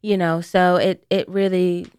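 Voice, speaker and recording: A woman guest on a podcast, calmly explaining from her own experience in a studio. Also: fairly low pitch, measured pace, clear, resonant tone, dry recording. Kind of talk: casual podcast chat.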